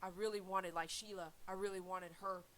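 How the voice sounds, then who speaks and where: A woman's voice: medium pitch, steady tone, a little fast, a bit bright, a little hiss or hum, low-quality recording. A woman who grooms dogs, talking casually and earnestly to her viewers about faith, rambling and repeating herself. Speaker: dog groomer and channel host.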